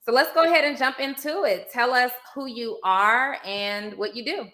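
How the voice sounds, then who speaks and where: A woman co-hosts a podcast in a bright, clear voice. She tells her stories with animation and laughs often. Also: a little high, normal speed. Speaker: podcast co-host. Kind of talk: casual podcast chat.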